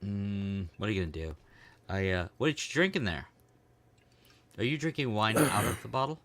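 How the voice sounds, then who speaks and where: This middle-aged American podcast co-host speaks at a moderate pace in a low-side, slightly bright voice. He rambles, jokes around in casual talk, and trails off with ums when words escape him.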